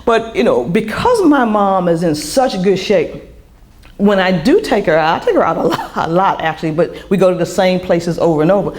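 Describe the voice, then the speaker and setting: A woman's voice: on the low side, sing-song, moderate pace, a little mellow. A middle-aged woman, an author, giving a candid personal talk to an audience, full of restarts and fillers. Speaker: author and speaker.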